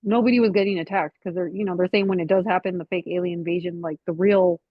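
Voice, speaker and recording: A woman hosting a casual chat over a video call, animated and full of "like" and "you know". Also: on the low side, fast talker, no room sound. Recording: dull lo-fi call audio.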